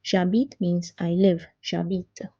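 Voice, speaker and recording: A woman teaches a French language lesson in a low, gravelly voice with a mellow, dark tone. She patiently repeats each example word slowly. The recording is dry and dull. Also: little pitch movement, no echo.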